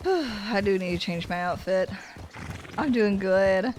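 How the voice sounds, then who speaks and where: A woman streamer talks casually and swears easily, her voice lively and a touch high. A faint hiss of background noise runs underneath. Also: slow pace. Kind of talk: casual live-stream chat.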